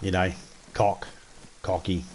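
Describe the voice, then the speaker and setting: A man's voice: low-pitched, flat delivery, slow. Australian man joking crudely while streaming. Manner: joking, crude, swears freely. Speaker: game streamer. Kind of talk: casual live-stream chat while playing.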